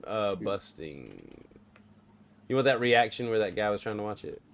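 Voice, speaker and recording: Bright-voiced man joking around. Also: lowish voice, lively intonation, moderate pace, creaky. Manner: joking, coaching, laughs often. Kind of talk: casual chat.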